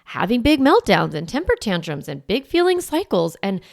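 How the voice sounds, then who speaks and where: A woman in her forties hosts a parenting podcast in a chatty, coaching tone. Her voice carries a gravelly fry at the ends of phrases. The sound is close and dry, with no room around it. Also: medium pitch, big pitch swings, normal speed, no echo. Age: 40s. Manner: conversational and reassuring, often asking "right?". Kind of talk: solo podcast teaching.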